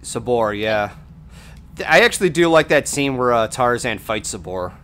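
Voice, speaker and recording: A man streaming a video game, chatting casually with friends and swearing loudly at every setback. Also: medium pitch, animated, normal speed, a little hiss or hum. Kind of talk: casual gameplay chat.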